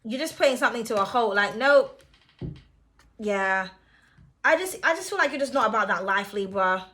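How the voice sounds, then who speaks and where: A young woman runs through a tarot reading in a high, sharp, bright voice. She is chatty and blunt, swearing freely and laughing easily between her points. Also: lively intonation, brisk. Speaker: tarot reader.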